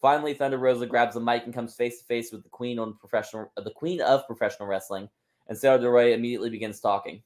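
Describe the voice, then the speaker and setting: A man's voice: medium pitch, fairly even intonation, quick pace, a little mellow. A man hosting a wrestling podcast, casually narrating a made-up wrestling storyline with his friends.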